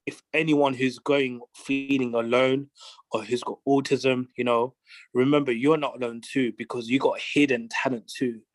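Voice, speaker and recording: A man from London, a spoken word artist who is a guest on a podcast, talking earnestly and haltingly with restarts. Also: medium pitch, level tone, dry recording, low-quality recording.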